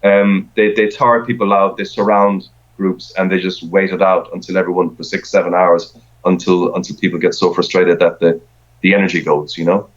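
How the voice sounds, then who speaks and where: A middle-aged man speaks in a very low register, chatting loosely and circling back over his own words as he goes. The recording sounds dull and lo-fi. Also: level tone, normal speed. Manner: rambling, with frequent repeated words and restarts. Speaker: podcast guest. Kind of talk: casual conversation.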